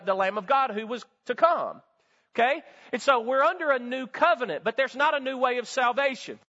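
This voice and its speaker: A man's voice: sits high, pushed and bright. A male pastor preaching a sermon, emphatic and full of rhetorical questions and calls to the congregation. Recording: dull sound with long hall reverb.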